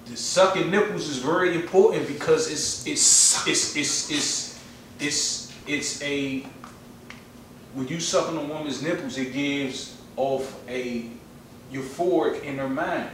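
A man's voice: fairly high pitch, slow pace, fairly bright tone, very echoey, distant mic, a little hiss or hum, low-quality recording. A man in casual podcast chat, slangy and rambling, often repeating himself.

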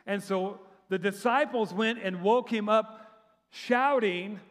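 High-voiced middle-aged pastor in a hall. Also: male voice, slow. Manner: animated and chatty, with sarcastic asides and frequent restarts. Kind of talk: conversational sermon. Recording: long reverb of a large hall.

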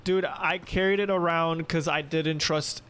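Young guy butting in, says the same thing over and over, highish voice. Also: fairly even intonation, a little slow, fairly bright tone, clear, resonant tone. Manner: chimes in, repeats himself, swears. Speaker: podcast co-host. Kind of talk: casual chat.

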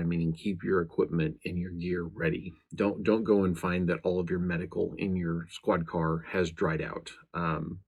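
A man with a very low, gravelly voice hosts his own show as a law enforcement chaplain, talking casually to the camera. His delivery is earnest and meandering, full of restarts, and his tone is slightly husky.

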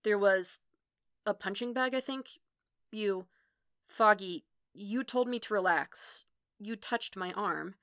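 A guarded young android man, read by a woman, clipping out short flat denials before they flare into anger. The voice is bright and sits at a middling pitch, recorded close and dry. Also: takes it slowly, smooth, dry recording. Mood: confused. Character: defensive young male android student.

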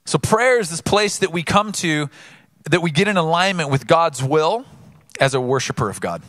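A male pastor preaching a sermon, earnest and building to emphatic peaks before dropping low, an animated storyteller. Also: normal speed, no room sound, clean studio sound.

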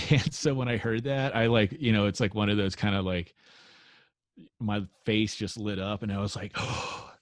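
A man with a very low voice tells a loose, rambling story, leaning on fillers and cursing freely. He sounds like a touring musician chatting on a podcast. The sound is dry and close, with no room around it. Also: fairly even intonation, normal speed, dry recording. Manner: rambling, profane, laid-back storytelling with many fillers. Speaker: musician guest. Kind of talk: casual storytelling chat.

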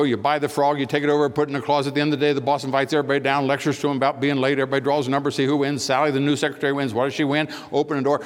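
An older American man giving a public speech, telling anecdotes, acting out dialogue and pausing for emphasis. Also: mid-range voice. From United States. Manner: storytelling, acts out dialogue, measured pauses for emphasis. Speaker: speaker. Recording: long hall reverb.

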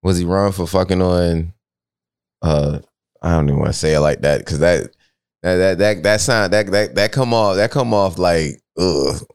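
A young man co-hosting a podcast in casual chat, rambling and animated, jumping up high when he reacts. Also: moderate pace, clear, resonant tone. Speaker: podcast co-host.

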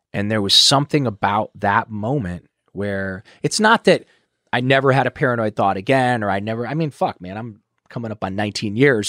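A man in his thirties, a podcast guest, telling a story in casual chat, swearing often and acting out quotes loudly. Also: mid-range voice, dry recording, studio quality.

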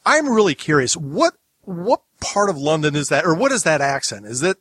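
A man's voice: a little high, sing-song, normal speed, fairly bright tone, breathy edge, no room sound. A man from the United States hosting a podcast, chatting casually in a rambling way with many restarts. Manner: rambling, lots of restarts and asides. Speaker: podcast host.

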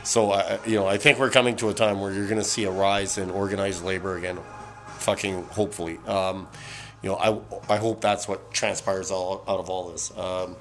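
A man's voice: low voice, little pitch movement, normal speed, faint music behind. A middle-aged man from Canada hosting a podcast, ranting casually with lots of swearing, fillers and restarts, a bit tipsy from beer. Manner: profane, rambling, many fillers and restarts. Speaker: podcast host.

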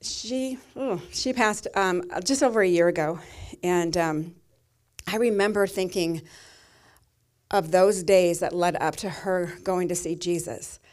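Middle-aged lady pastor preaching, soft and emotional, kinda low voice. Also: unhurried. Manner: tender, personal storytelling, soft and emotional. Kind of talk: sermon.

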